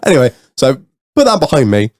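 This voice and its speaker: A man's voice: mid-range voice, brisk, no room sound, studio quality. A young man co-hosting a podcast, telling a rowdy story in casual, sweary chat and laughing as he goes. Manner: sweary, animated storytelling, laughs through his own stories. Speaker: podcast co-host.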